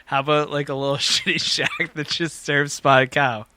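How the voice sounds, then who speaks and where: Bright, clear-voiced man telling rambling stories. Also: on the high side, fairly even intonation, moderate pace, no echo. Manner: rambling profane storytelling, laughing often. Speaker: podcast co-host. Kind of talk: casual bar-talk podcast chat.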